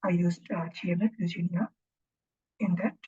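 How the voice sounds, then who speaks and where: Very husky-voiced woman lecturing. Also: on the low side, fairly even intonation, dark tone. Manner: halting, thinking aloud, often ends points with a questioning "right?". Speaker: instructor. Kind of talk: informal recorded lecture. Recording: dull lo-fi recording.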